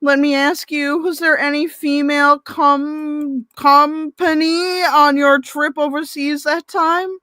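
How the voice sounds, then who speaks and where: A woman's voice: sits high, little pitch movement, slow pace, few pauses, bright, forceful tone, dry recording, voice pushed up, exaggerated voice. A woman reading the lines of a dramatic young romance heroine, hamming them up in a raised, overwrought voice. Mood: pleading.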